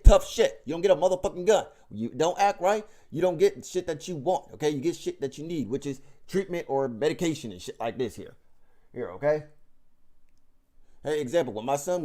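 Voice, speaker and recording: A vlog host whose voice sits a little high with a darkish tone delivers a political rant laced with heavy swearing. He's emphatic and mocking, rambling along with frequent restarts and filler words.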